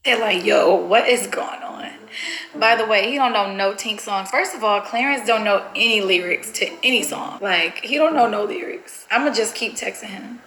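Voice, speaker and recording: A woman's voice: medium pitch, normal speed, few pauses, pushed and bright. A young woman vlogging casually to her viewers, chatty and giggly, talking straight to the camera. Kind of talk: casual vlog chat to camera. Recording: roomy echo with faint music.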